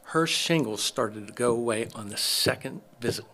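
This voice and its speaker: Bright-voiced man telling a story. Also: medium pitch, moderate pace. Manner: animated storyteller acting out quoted dialogue. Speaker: chiropractor, podcast guest. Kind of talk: casual storytelling interview.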